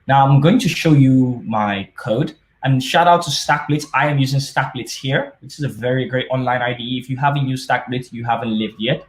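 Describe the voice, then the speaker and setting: A man gives a live-coding talk at a conference in a loose, conversational way, trailing into fillers and correcting himself mid-sentence. His pitch sits in an ordinary middle range. The room around him adds a noticeable echo. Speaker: conference speaker. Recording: roomy echo.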